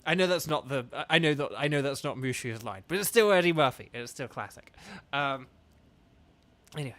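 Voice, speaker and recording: A man's voice: mid-range voice, expressive, fairly quick, fairly bright tone. A man streaming a video game and chatting casually, rambling with lots of fillers and laughing asides.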